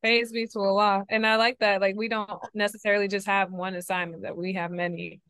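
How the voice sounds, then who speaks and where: A woman's voice: mid-range voice, little pitch movement, fairly quick, fairly bright tone, clear, resonant tone. A woman host asking interview questions casually, hesitant with many fillers.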